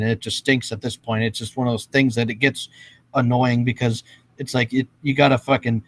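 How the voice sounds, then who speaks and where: A man's voice: mid-range voice, a bit bright. Guy ranting and freestyling at home, cussing constantly, rambles on. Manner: profane, rambling. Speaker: freestyle rapper. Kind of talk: casual rant and freestyle rap. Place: indoors at home.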